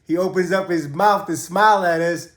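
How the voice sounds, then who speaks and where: Man, slightly high voice, casual and profane storyteller, echoey room. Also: moderate pace. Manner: laid-back, profane, acts out quotes in a raised voice. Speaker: host telling prison stories. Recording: roomy echo.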